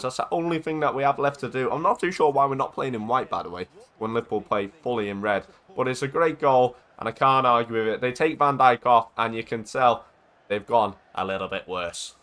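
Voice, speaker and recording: A man giving casual, excitable commentary over his own football video game match, chatting and shouting at goals. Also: mid-range voice, a little fast. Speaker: gaming YouTuber.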